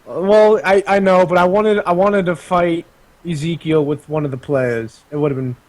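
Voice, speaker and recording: Halting man running a tabletop game. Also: fairly high pitch, fairly even intonation, darkish tone. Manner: casual, halting with many ums. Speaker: game master.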